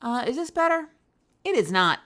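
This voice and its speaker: A woman's voice: sits high, very animated, normal speed, a bit bright. A young woman streaming a game live, chatting casually with her viewers while she plays, sleepy and yawning. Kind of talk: casual gaming chat.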